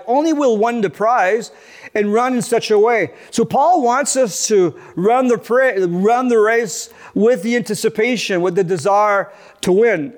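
High-voiced male pastor preaching earnestly. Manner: earnest, repeats and restarts words while preaching. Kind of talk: sermon.

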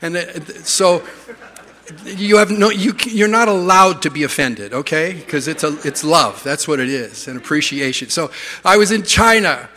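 A man's voice: on the high side, normal speed, in a large hall. A middle-aged Canadian man preaching a sermon in a church, telling funny stories. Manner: humorous storytelling, lively. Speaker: pastor.

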